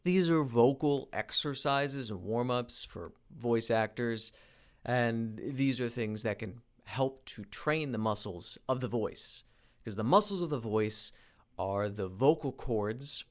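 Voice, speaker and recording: A man talking through a reflective solo monologue, halting with frequent restarts and repeated words, earnest in tone. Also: medium pitch, a bit bright. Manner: earnest, self-motivating. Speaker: independent voice actor and producer.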